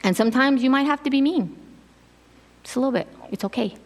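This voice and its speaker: A middle-aged woman giving a casual sermon, telling stories in an animated way and acting out quotes with laughs. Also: sits high, quick pace. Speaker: preacher. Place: church sanctuary. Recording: long hall reverb.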